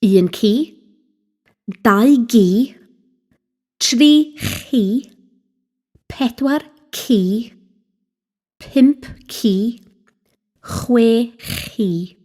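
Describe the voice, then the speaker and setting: Woman tutor, mellow higher voice, deliberate scripted lesson delivery. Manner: slow, deliberate, spelling out vocabulary. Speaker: Welsh language teacher. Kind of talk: scripted instructional narration.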